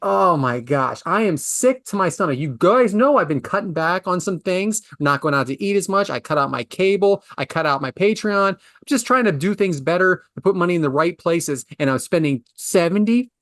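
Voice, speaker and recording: A man's voice: expressive, normal speed, hardly any pauses, fairly bright tone, dry recording, clean studio sound. A man in his forties telling a story in a casual, exasperated, ranting way. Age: 40s. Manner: exasperated, ranting, swings from low mutter to high outburst. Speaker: podcast host.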